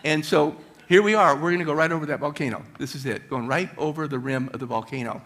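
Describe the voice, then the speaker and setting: A middle-aged man giving a motivational talk at a church, telling stories with high energy. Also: fast, a bit bright. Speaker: guest speaker.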